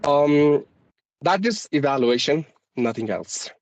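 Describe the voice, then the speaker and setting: A man's voice: on the high side, animated, slow pace. A man from India, an English teacher, speaking with an Indian accent mixed with American and British tones, polite and formal. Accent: Indian English with a mixed American-British lilt. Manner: polite and formal, often says ma'am. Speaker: guest, English teacher on YouTube. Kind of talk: conversational interview.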